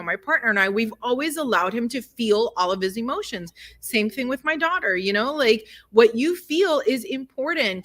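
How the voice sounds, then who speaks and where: A middle-aged woman chats effusively, laughing easily and filling her talk with "like" and "you know". Her voice is bright and a little high. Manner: effusive, laughs often, many fillers. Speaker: podcast co-host. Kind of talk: casual chat.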